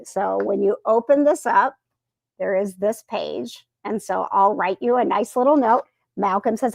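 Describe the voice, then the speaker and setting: A woman hosts a live reading of her own storybook from her home, chatting between verses and sweet-talking her cats. Her voice has a gravelly fry and a mid pitch, and it sounds dry and close. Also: no echo, low-quality recording. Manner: chatty, sweet-talks her cats, stumbles and corrects herself. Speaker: author and channel host. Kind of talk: live book reading and chat. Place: home, by a Christmas tree and fire.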